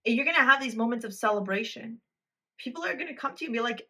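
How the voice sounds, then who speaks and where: A woman's voice: fairly high pitch, lively intonation, fast talker, creaky, bright, forceful tone, husky. Emphatic, blunt woman tarot reader. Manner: blunt, emphatic, swears freely; addresses the viewer directly. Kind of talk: pick-a-card tarot reading.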